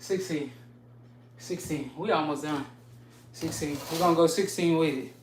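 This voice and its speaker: A fitness streamer broadcasts her workout live, calling out push-up counts, breathing hard and sighing between sets, and tossing out slangy trash talk. Her low, slightly mellow voice moves at a moderate pace, recorded distantly in an echoey room with faint hiss or hum.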